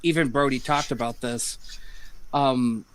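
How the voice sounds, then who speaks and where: A man's voice: medium pitch, fairly even intonation, measured pace, a little hiss or hum, low-quality recording. A man co-hosting a wrestling podcast in casual chat, hesitant and filling his speech with ums and uhs. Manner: hesitant, with many fillers. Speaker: podcast co-host.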